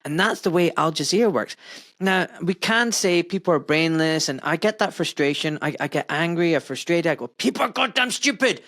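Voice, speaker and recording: A man's voice: fairly high pitch, fairly quick, fairly bright tone, dry recording. Brief: male podcast host, emphatic, swears freely, dry close mic. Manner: emphatic, swears when worked up, mimics dialogue. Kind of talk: casual interview talk.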